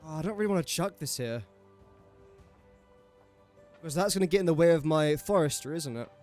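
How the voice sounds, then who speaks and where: A young man with an English accent, talking casually as he plays, cracking jokes and chatting to the game characters. His voice sits a little high, with faint game music in the background. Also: lively intonation, a little fast, a little mellow. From England. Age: young adult. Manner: chatty, jokey, talks to himself and the game characters. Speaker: gaming streamer. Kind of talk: casual gameplay commentary.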